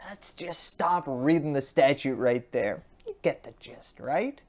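A woman's voice: a bass voice, lively intonation, a little slow, a little mellow. A woman hosting a scripted explainer, delivering it with sarcastic, wry asides. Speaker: host.

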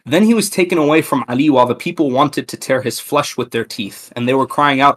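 Man giving a measured, reverent history lecture. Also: mid-range voice, a bit bright. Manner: measured, reverent, with small restarts. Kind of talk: scripted historical lecture reading narrations.

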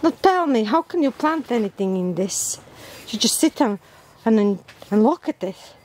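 High-voiced woman gasping over an unboxing. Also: lively intonation, darkish tone. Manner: gasping and exclaiming, halting non-native English. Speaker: plant vlogger. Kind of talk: unboxing vlog.

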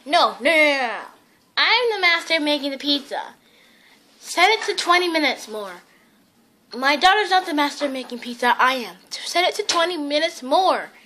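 A woman's voice: animated, normal speed, slight background noise. A female speaker voicing a frantic, bossy mother who runs a pizza bakery and keeps wailing "ay ay ay.". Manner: wails "ay ay ay", high and loud.

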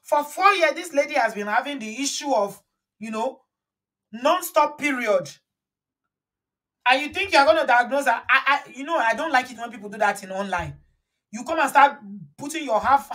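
A woman's voice: fairly high pitch, animated, normal speed, a bit bright. A woman hosting a casual live-stream, talking emphatically and lecturing her viewers. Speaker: live-stream commentary host.

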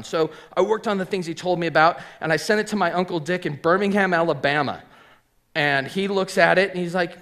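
A man's voice: on the high side, lively intonation, brisk, a bit bright. A middle-aged man telling a personal story live on a theater stage, chatty and full of fillers. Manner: chatty, filler-heavy, voices quoted people.

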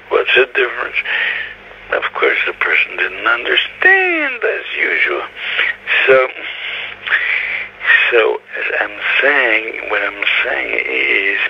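A man's voice: on the low side, huge pitch swings, slow, gravelly, a little hiss or hum. A man, a rabbi, giving an impassioned Torah lecture full of rhetorical questions. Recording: dull lo-fi recording.

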